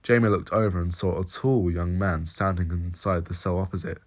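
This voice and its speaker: Very deep-voiced male story reader. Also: moderate pace. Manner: steady, descriptive storytelling. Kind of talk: audio story narration.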